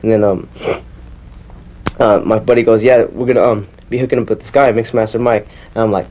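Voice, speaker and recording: A man's voice: on the low side, fairly even intonation, fairly quick, a little mellow, a little hiss or hum. A young man from the Bay Area telling a casual, rambling story as an interviewee and mimicking turntable scratches with his mouth.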